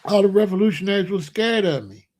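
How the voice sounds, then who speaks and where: A man's voice: sits high, animated, fast, darkish tone. A man hosting his own channel, telling a personal story in a casual, rambling, emphatic way. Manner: rambling, emphatic, breaks into laughs. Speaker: channel host.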